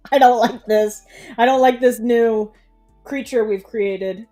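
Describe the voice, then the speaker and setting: Teasing high-voiced woman co-host. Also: slow, warm tone, faint music behind. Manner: teasing, dry. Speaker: stream co-host reading requests. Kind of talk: casual live-stream chat.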